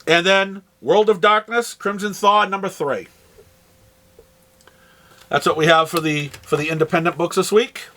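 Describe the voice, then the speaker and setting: A man's voice: high voice, fairly even intonation, normal speed, pauses often, sharp tone. A man with a New England accent, running through the week's new comics in a casual, rambling way with many fillers and restarts. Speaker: comic shop host. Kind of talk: casual product rundown.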